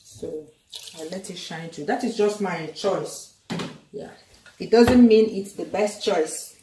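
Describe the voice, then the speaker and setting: A middle-aged Nigerian-accented woman, a cooking vlogger, chats and tells stories while demonstrating her cooking in a home kitchen, laughing often. Her medium-pitched voice moves slowly, and the recording sounds roomy with background noise.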